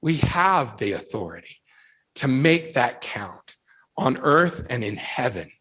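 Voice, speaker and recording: Direction an unhurried, animated man preaching to youth. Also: medium pitch, breathy edge. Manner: animated storyteller who acts out quoted voices; rhetorical questions, emphatic repetition. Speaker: youth speaker. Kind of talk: storytelling devotional talk.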